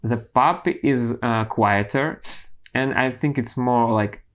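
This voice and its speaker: A man teaching singing, explaining vocal technique slowly and carefully, pausing and restarting as he goes. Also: medium pitch, a bit bright.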